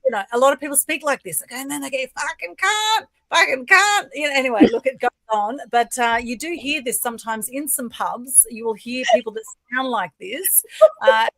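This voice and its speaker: A woman's voice: fairly high pitch, fairly quick, dry recording. A woman with an Australian accent co-hosting a casual livestream talk show. She talks in a chatty, upbeat, promotional way over a video call. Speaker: co-host.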